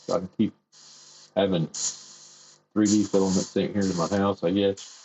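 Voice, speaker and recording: A man's voice: low voice, level tone, moderate pace, mellow, lo-fi sound, slight background noise. A man chatting casually and rambling as he airbrushes in his home workshop on a livestream. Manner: rambling, easygoing, self-deprecating. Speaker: airbrush artist streaming his work. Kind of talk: casual livestream chat while painting.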